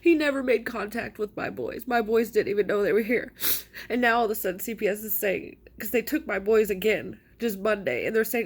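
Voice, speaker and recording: A woman's voice: medium pitch, a little fast, slightly rough. A woman telling her own story in an indignant, frustrated, emphatic way, as a mother. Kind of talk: personal account to camera.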